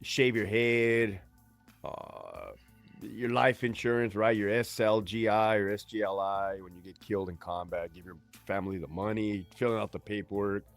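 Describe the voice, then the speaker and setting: A man's voice: on the low side, moderate pace, creaky, faint music behind. A man in his forties from California, telling his story as a guest in a casual, slangy, profane way. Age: 40s. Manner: laid-back, slangy, profane. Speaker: guest, army veteran.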